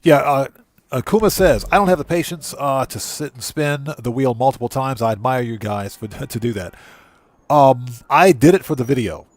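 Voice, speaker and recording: A man's voice: medium pitch, moderate pace, dry recording. A man casually commenting on a live stream as he plays a video game, laughing often and greeting his viewers.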